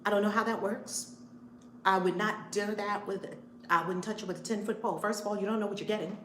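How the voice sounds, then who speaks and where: A woman's voice: mid-range voice, fairly even intonation, fairly quick, fairly bright tone, slight background noise. A woman reverend hosting a casual live-stream storytime from her home, greeting viewers by name as she talks. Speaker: reverend and channel host. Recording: roomy home room with faint ambience.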